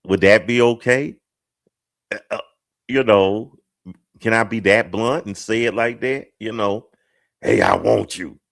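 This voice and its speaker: A man's voice: on the low side, measured pace, pauses often. A middle-aged man hosting a casual group discussion, hesitant and self-mocking, joking his way through the topic. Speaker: talk show host.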